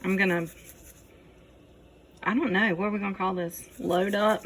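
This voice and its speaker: A woman's voice: medium pitch, fairly even intonation, moderate pace, a bit bright. Chatty woman cooking at home. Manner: chatty, folksy, jokes with herself. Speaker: home cooking video host. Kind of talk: casual cooking vlog chat. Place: home kitchen at the stove. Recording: noisy kitchen with frying sizzle. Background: frying and sizzling food.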